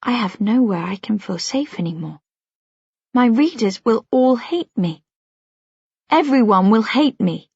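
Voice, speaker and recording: A woman reading a first-person audiobook in a hushed voice that often drops to a whisper. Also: fairly high pitch, lively intonation, unhurried, gravelly, long pauses, breathy edge, no echo. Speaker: audiobook narrator. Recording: dull, dry lo-fi audio.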